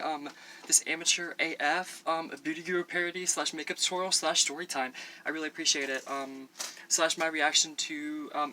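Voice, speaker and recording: A man's voice: a little high, pushed and bright, a little hiss or hum, poor audio. A man chatting casually to camera in a rambling vlog, full of ums and restarts, in a small room. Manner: rambling, many ums and restarts, playful sign-off. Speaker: vlogger. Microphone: camera mic, ring light setup.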